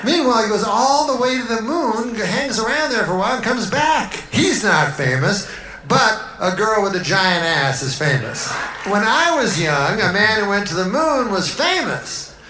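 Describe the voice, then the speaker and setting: A comedian with a high-pitched, very animated, bright and forceful voice tells rambling comic stories on a talk show at a moderate pace. His storytelling is dry and meandering, breaking into laughter. The archival clip is echoey with slight background noise.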